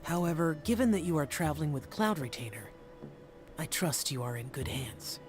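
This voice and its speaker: Guy voicing a calm polite immortal spirit, measured and formal, loud music under it. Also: a little high, close to an everyday voice. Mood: composed. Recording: game audio over loud background music.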